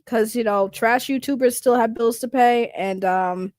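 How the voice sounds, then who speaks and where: A woman's voice: a little high, darkish tone, no room sound, clean studio sound. A woman livestreamer chatting casually and brashly, swearing and laughing as she answers her chat. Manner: brash, profane, quick to laugh, reacts to chat.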